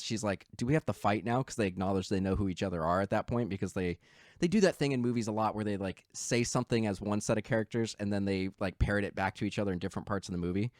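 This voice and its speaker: A man co-hosting a podcast, retelling a film in animated casual chat and acting out its lines. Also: fairly low pitch, fast, no echo, studio quality. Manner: animated storytelling, acts out quotes. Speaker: podcast co-host.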